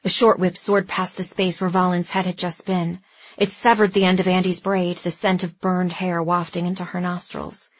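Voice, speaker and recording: A woman reading a story aloud as an audiobook narrator, with a steady, even delivery. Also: lowish voice, moderate pace, slightly rough, dry recording. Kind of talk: scripted narration. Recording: dry, slightly dull lo-fi recording.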